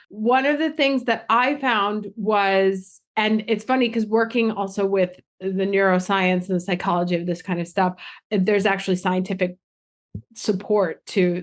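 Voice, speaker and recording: A woman's voice: mid-range voice, a little slow. A woman hosting a podcast, talking with enthusiasm as she explains an idea in conversation. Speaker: podcast host. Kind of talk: conversational interview.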